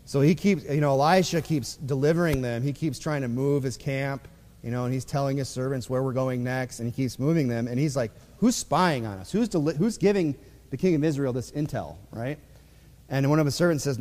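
A man's voice: mid-range voice, fairly quick, darkish tone. Man preaching in a reverberant hall. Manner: conversational preaching with many fillers, reads scripture aloud. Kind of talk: sermon. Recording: long reverb of a church hall.

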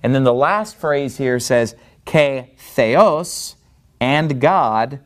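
At a board, this mid-range, expressive male voice walks through a Bible-language lesson one step at a time. He pauses often to make sure the listener is following, and when showing a word's pronunciation he slows and stresses every syllable.

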